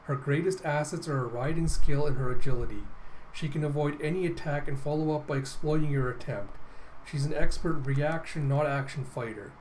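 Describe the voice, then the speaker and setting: A man voicing an older male mechanic giving instructions, in a steady instructive read. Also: fairly high pitch, brisk, slight background noise, lightly acted, poor audio.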